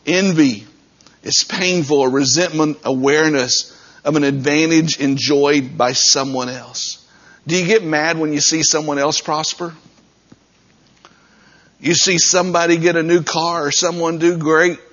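A man's voice: fairly high pitch, steady tone, a little slow, a bit bright, dull audio. A man preaching a sermon as pastor, talking straight to his congregation in a conversational way.

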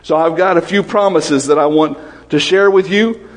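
A man preaching a sermon, quick-fire and lively, often asking questions of the congregation. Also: a little high, big-room sound.

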